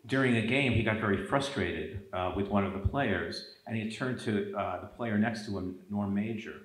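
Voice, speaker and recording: A man with a lowish voice speaks as an author at a public event, telling stories and slipping into lively quoted asides. His voice rings in an echoey event hall. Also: moderate pace. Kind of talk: conversational talk at a public event.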